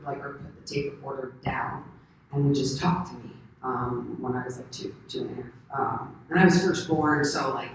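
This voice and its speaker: A woman in her thirties from the United States, a convention panel guest answering questions in a rambling, animated way and laughing often. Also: extremely low pitch. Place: large convention hall. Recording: echoey hall from far off, faint noise.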